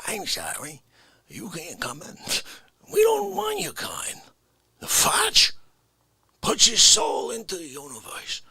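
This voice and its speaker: A man voicing a loud, judgmental gatekeeper character in a comedy sketch, swinging between hissed whispers and shouts. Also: mid-range voice, pitched below the performer's own voice, heavily acted. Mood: indignant.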